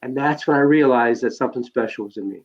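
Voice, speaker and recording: A man's voice: medium pitch, fast talker. A man telling his own life story as a podcast guest, rambling with many fillers and restarts. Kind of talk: personal life story told in conversation. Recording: dull lo-fi sound.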